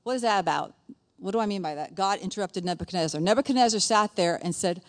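A woman's voice: mid-range voice, quick pace. A middle-aged woman teaching a conversational Bible lesson in a chatty way, often checking in with her listeners.

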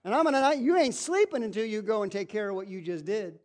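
A man's voice: high-pitched, quick pace, voice pushed up, natural voice. A man preaching who voices the Holy Spirit as a blunt, insistent male figure scolding a believer. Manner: blunt, insistent, talking straight at the listener.

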